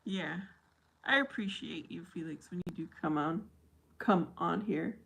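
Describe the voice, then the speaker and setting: A middle-aged woman chats with her viewers in an unhurried, gravelly voice. She sounds silly and giggly, at ease with her audience. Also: on the low side, fairly bright tone. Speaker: livestream host. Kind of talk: casual chat with viewers.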